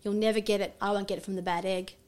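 A middle-aged woman, a naturopath and guest on an interview show, telling stories in an animated way and acting out her family's voices. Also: medium pitch, fast talker. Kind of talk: casual interview chat.

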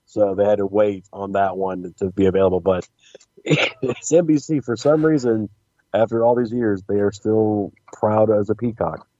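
A man co-hosts a casual wrestling podcast, rambling and joking as he goes. His voice is mellow and dark. The recording sounds dry and slightly dull. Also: on the low side, moderate pace, no room sound. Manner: joking, rambling with restarts and giggles. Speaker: podcast co-host.

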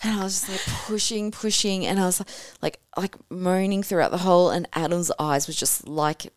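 Low-voiced woman recounting her birth, animated. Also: normal speed, slight background noise. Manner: animated, swears casually, acts out her own past words. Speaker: podcast guest telling her birth story. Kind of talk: casual conversational storytelling.

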